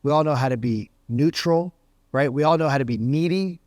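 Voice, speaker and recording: A man's voice: on the high side, fairly quick, darkish tone, no room sound, studio quality. A man giving a motivational talk as a sales coach, emphatic and full of rhetorical questions. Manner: emphatic, asks rhetorical questions, says "right?" often.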